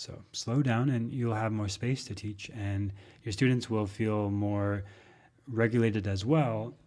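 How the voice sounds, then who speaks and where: A man, a yoga teacher, giving spoken tips in a relaxed, unhurried way. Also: fairly low pitch. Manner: relaxed, unhurried, with fillers and restarts.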